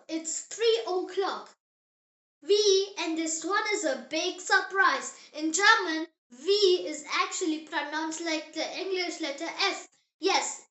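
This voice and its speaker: Language teacher, scripted beginner lesson, very high and bright, unhurried delivery, upbeat and encouraging, echoey room. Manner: slow, deliberate enunciation, repeating example words for the listener.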